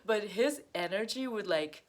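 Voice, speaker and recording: A woman's voice: mid-range voice, lively intonation, unhurried. A woman telling a personal story in a casual, rambling way, often laughing and acting out what others said. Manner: rambling, laughs often, acts out quoted voices. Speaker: astrology vlogger.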